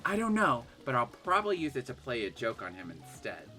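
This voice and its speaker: A woman's voice: rumbling low, big pitch swings, brisk, sharp tone, faint music behind. A woman streaming a dating game, reading its text aloud and reacting with laughs and shrieks. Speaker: gaming streamer.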